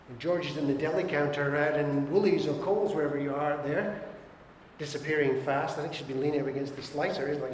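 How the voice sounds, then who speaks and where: A man's voice: a little high, fast talker, a little hiss or hum. A man preaching a sermon as a pastor, emphatic and exhorting, with repeated short urgings. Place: church hall. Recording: echoey church hall with long reverb.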